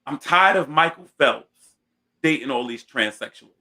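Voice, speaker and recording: A man acts out a confused, tearful woman in her forties who snaps out abrupt, rambling demands. The voice is bright and tense, a little higher than his usual talk. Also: lively intonation, normal speed, full character voice, rough recording. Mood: demanding. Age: 40s. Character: confused, erratic, tearful middle-aged woman passenger. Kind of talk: acted-out quote in a story.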